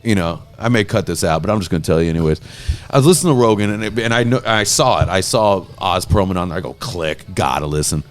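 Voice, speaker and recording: A man hosting a podcast, telling a story in an excited, rambling way with many restarts and casual swearing. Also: on the low side, fast. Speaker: podcast host.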